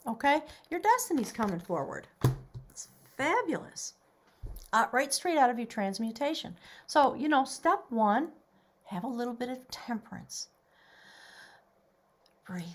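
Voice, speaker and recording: Animated woman giving a tarot reading. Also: a little high. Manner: animated, excitable, drops to whispers. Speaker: tarot reader.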